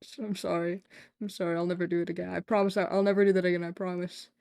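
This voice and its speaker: A game streamer rambling through a late-night live session, cracking jokes and laughing at their own bits. Talks loosely to chat, in a mid-pitched, everyday voice. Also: little pitch movement, quick pace, gravelly, darkish tone, smooth. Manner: joking, rambling, laughs often.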